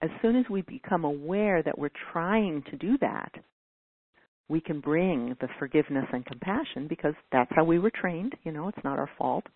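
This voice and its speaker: A woman's voice: deep voice, animated, moderate pace, no echo. A woman giving a teaching talk, answering a caller's question in an earnest way and now and then acting out whiny quoted voices. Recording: dry phone-like audio.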